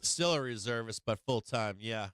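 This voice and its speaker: Smooth-voiced man chatting on a live stream. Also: mid-range voice, animated, normal speed, a bit bright, no room sound. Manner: rambling, chatty, greets viewers by name with frequent "uh"s. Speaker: live-stream market show host. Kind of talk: casual live-stream chat. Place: home.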